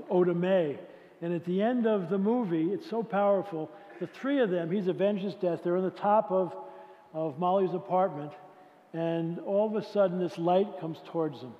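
A man giving a motivational faith talk at a conference, speaking conversationally and asking his audience rhetorical questions. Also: high voice. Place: large conference hall. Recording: echoey hall, dull lo-fi sound.

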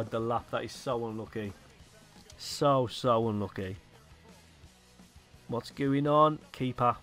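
A young man excitedly commentating his own football video game, swearing and shouting at his players. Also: medium pitch, takes it slowly, pauses often, soft background music. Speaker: gaming YouTuber.

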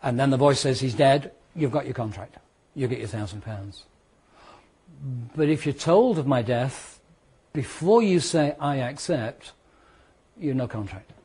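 A man teaching a law class, lively and conversational, asking the students questions and walking them through made-up scenarios. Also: mid-range voice, moderate pace, slightly rough. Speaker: law lecturer.

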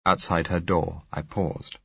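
A man reading a novel aloud in measured, first-person narration. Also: low-pitched, flat delivery, vocal fry, bright, forceful tone, slightly rough, no room sound. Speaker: audiobook narrator. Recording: dull lo-fi recording.

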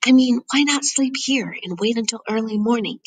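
A woman reading an audiobook, voicing a cautious, reluctant young girl in a higher, pleading tone. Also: moderate pace, slightly rough, recorded from a distance.

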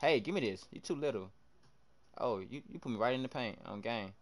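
A man's voice: medium pitch, brisk. A young man streaming a basketball video game live, chatting to viewers and trash-talking his opponents as he reacts to each play. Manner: animated trash talk, reacting loudly to plays. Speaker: livestreamer. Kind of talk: live gameplay commentary.

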